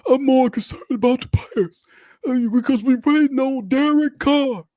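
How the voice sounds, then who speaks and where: Man doing a squeaky rambling coach. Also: moderate pace, a little mellow, no room sound, studio quality. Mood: defensive. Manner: rambling, filler-heavy press talk. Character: exasperated football head coach, mocked. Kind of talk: mocking impression.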